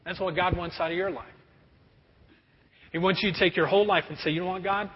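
A pastor preaching a sermon in a conversational, animated way. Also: male voice, sits high, brisk. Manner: animated, conversational, acts out prayers. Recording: dull recording with long hall reverb.

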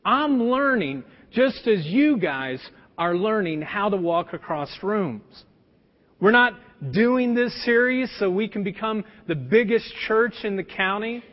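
A man's voice: sits high, expressive, measured pace. A middle-aged male pastor preaching a sermon, telling a personal story in a conversational way with plenty of fillers. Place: church sanctuary. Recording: dull lo-fi sound with long church reverb.

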